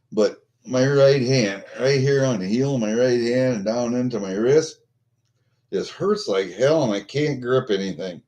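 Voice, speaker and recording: A man's voice: mid-range voice, a little mellow. An older American man venting angrily on a vlog, swearing constantly. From United States. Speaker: vlogger.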